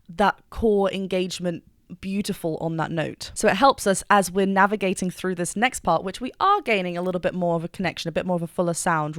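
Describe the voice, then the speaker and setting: A woman's voice: medium pitch, dry recording, clean studio sound. A woman vocal coach giving enthusiastic, technical reaction commentary, singing short examples now and then.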